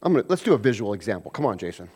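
Fairly low and husky, the pastor's voice is very animated as he preaches in a chatty style. Loud stresses give way to quiet side remarks, and he plays out daily disputes in rapid imitations.

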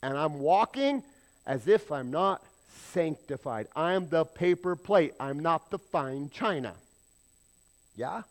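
Slow and expressive, the high-voiced pastor preaches with emphasis, peppering the congregation with rhetorical questions. Now and then he sinks to a near whisper.

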